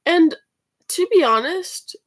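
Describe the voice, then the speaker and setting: A woman's voice: extremely high pitch, expressive, slow. A woman casually telling a rambling story about her school week, swearing freely and trailing off into fillers and restarts. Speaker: student vlogger.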